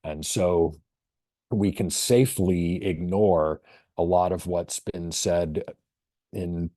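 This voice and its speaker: A man, a veterinarian, presenting a professional webinar in a thoughtful storytelling manner with measured pauses. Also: deep voice, mellow, no echo, studio quality.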